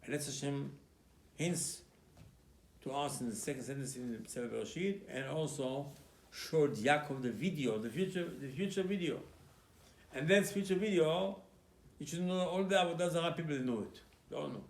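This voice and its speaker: A rabbi with a gravelly, creaky voice gives an emphatic sermon, now and then slipping into the voices of the figures in his story. His words ring around a roomy, echoing space. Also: fairly high pitch, lively intonation, moderate pace. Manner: emphatic storytelling, acting out dialogue between biblical figures. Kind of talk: Purim sermon. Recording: echoey room.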